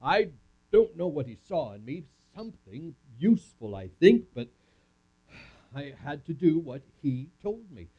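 A man tells a Bible story in the first person as a theatrical camp speaker, his pitch leaping and dropping all through. He talks slowly and deliberately, drawing the words out. The recording is muffled and lo-fi. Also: very animated. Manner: theatrical, interacts with audience volunteer.

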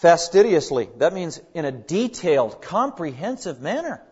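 A man's voice: on the high side, big pitch swings, normal speed, darkish tone, slightly rough, highs cut off. A man preaching a sermon, earnest and emphatic, leaning hard on key words as he builds his points. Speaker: pastor.

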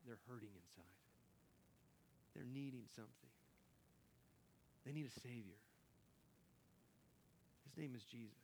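A man, a pastor, preaching a sermon in an animated way, breaking off with laughs and quick restarts. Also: mid-range voice, vocal fry, a little hiss or hum. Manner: animated, laughing often, self-interrupting with restarts.

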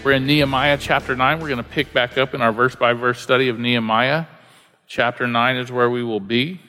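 A man's voice: medium pitch, steady tone, brisk, sharp tone, long reverb tail, faint music behind. A male pastor preaching a verse-by-verse sermon, earnest and repeating key lines for emphasis.

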